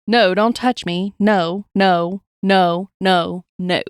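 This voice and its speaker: A woman's voice: lowish voice, takes it slowly, clean tone, no echo. A woman reading a frightened young woman's pleading lines plainly from a transcript, in a dry recording. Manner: flat reading of a transcript, little character.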